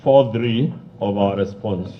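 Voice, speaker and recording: Firm lawyer cross-examining. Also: male voice, fairly low pitch, takes it slowly, muffled recording, slight background noise. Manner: firm, controlling, clipped questions.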